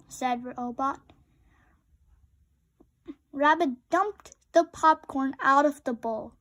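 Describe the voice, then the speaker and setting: Brief: woman storybook reader, kids' read-aloud, unhurried, gentle delivery. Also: high-pitched. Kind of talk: children's book read-aloud.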